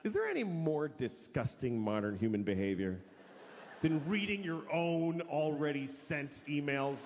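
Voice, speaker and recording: Animated, profane stand-up comedian man. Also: fairly high pitch, unhurried. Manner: profane, acts out quoted voices. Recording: long hall reverb, faint noise.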